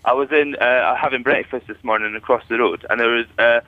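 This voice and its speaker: A musician calling in by phone to a radio show, talking in a jokey, self-mocking way. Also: male voice, mid-range voice, fairly even intonation, brisk, no room sound. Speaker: musician guest. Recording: dull phone line.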